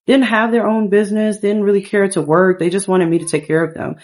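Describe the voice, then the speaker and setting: A woman's voice: mid-range voice, level tone, brisk, darkish tone, close to an everyday voice. A woman voicing an earnest, easygoing young man on a date in a laid-back, reassuring way. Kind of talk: playful character voicing over gameplay.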